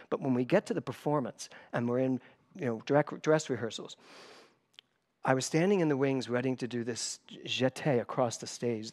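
A man in his sixties, a spiritual director giving a sermon, who tells stories with sudden loud bursts and hushed asides and repeats key phrases for emphasis. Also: mid-range voice. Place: church stage before a live congregation.

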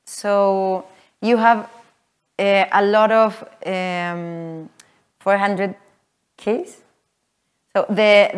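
A woman teaching a voice workshop to a live group, explaining in a halting way with many fillers. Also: medium pitch. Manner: halting, filler-heavy explaining, with frequent laughs. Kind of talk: live teaching talk with sung demonstrations. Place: workshop room with an audience.

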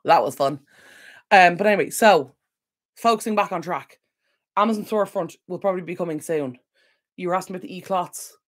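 Woman, livestream host, rambly, apologetic, slightly low voice, desk mic at home. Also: brisk, long pauses. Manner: rambling, apologetic, easily sidetracked. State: recovering from illness. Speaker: decluttering channel host. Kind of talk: casual livestream Q&A chat. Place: home room at a computer. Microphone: desk microphone.

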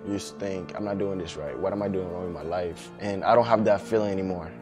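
Brief: male recruit, deep sincere voice, reflective, music clearly under. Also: fast talker. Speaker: Navy recruit interviewed in a documentary. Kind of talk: documentary interview.

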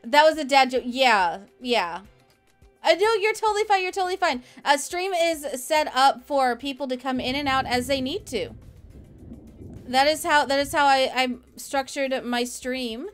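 A woman's voice: high voice, animated, normal speed, faint music behind. A woman live streamer chatting casually from home while she plays a game, rambling as she answers viewers' messages.

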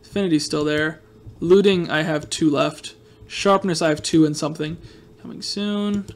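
A man with a high voice giving casual gameplay commentary as a let's-play host. He rambles and jokes, slipping into playful sarcasm as he talks to his viewers. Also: steady tone, normal speed.

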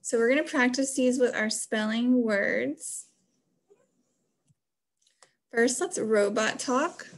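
Slow, patient teacher, a woman. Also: a little high. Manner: slow, patient, explaining step by step. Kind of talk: phonics lesson for children.

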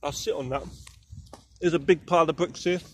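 High-voiced rambling slangy young man. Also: steady tone, fairly quick, a little hiss or hum. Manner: rambling, slangy, swearing, joking. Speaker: vlogger. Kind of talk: casual walk-and-talk vlog. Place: outdoor garden area in a city at evening.

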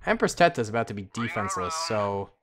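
A man giving casual, excitable, slangy commentary while playing a strategy game, talking to himself and his viewers. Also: on the low side, fast, a crowd in the background. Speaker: gaming commentator. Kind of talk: casual let's-play commentary.

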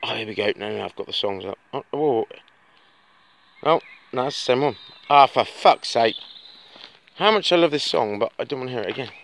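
A man rambling chattily into his phone while walking home on a dark road at night, swearing freely as he talks. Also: medium pitch, animated, a little fast, long pauses. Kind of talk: casual vlog monologue. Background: birds tweeting, faint outdoor noise.

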